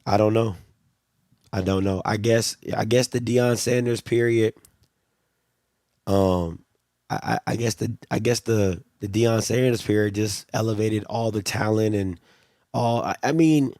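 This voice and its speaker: A man's voice: on the low side, measured pace, a little mellow, dry recording, studio quality. A man hosting a live stream, talking in a casual, rambling and exasperated way and often repeating himself. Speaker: livestream host. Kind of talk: casual sports commentary.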